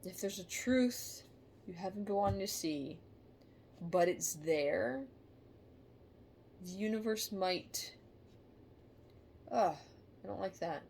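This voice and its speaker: A woman giving a casual tarot reading to camera, halting and emotional, sighing and musing aloud. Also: mid-range voice, animated, gravelly, a little mellow, slight background noise. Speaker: tarot reader.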